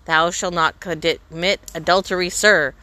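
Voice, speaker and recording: A slow young schoolboy reciting answers dutifully, performed by a woman reading a story. The voice is bright and crisp. The recording is close and dry. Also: on the low side, steady tone, dry recording.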